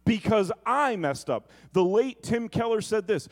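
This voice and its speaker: A man's voice: high voice, lively intonation, measured pace, few pauses. A male pastor preaching a sermon in a conversational way, with comic asides.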